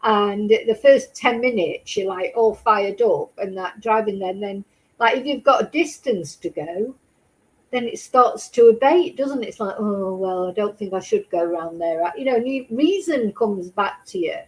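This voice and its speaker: Recorded in low quality, this woman's voice is a little high and a little slow. She hosts a true crime channel and chats casually with live chat viewers, rambling and repeatedly posing rhetorical questions.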